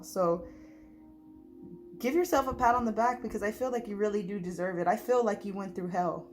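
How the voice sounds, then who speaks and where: A woman giving a tarot reading to her viewers, overwhelmed and close to tears, talking fast and emotionally. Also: medium pitch. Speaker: tarot reader.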